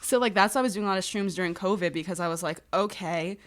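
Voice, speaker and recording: A woman's voice: lowish voice, fast. A woman guest on a podcast, chatting casually and candidly, swearing freely and acting out quoted voices.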